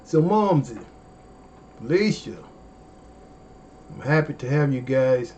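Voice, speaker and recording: A man, hosting a comedy livestream in casual chat, animated and folksy, with drawn-out exclamations. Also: medium pitch, dull audio, slight background noise.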